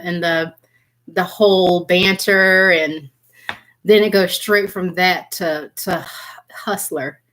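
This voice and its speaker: A woman doing a live tarot reading who chats easily with her viewers. Her voice sits at a middle pitch, and she talks in a loose, giggly way. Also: fairly bright tone. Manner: giggly, keeps breaking into laughter and apologizing; chatty, addresses viewers by name. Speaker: tarot reader.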